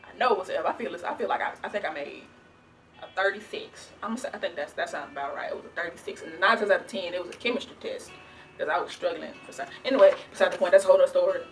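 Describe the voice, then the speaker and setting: A young woman from the Southern United States talks fast in a lowish, fairly bright voice over soft background music. She's answering viewer questions in a chatty, rambling Q&A vlog, restarting often and saying "like" a lot.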